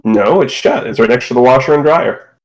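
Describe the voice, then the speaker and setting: A man runs a tabletop game, describing rooms and asking for perception checks in a loose, easygoing way. His pitch sits in the middle but swings widely as he talks, and he often breaks into laughter. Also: animated, brisk, low-quality recording. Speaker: game master.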